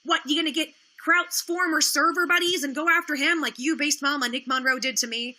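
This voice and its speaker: Indignant high-voiced woman ranting. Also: steady tone, brisk, bright, forceful tone. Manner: indignant, profane, sarcastic. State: tired, low energy. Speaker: livestream host. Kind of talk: ranting livestream talk.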